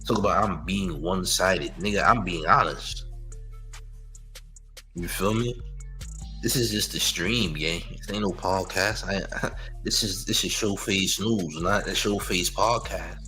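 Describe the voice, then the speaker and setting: A man's voice: sits low, a little slow, bright, forceful tone, faint music behind, low-quality recording. A man hosting a live-stream news show, mocking a critic in loose slangy commentary and leaning on "champ" and "you heard".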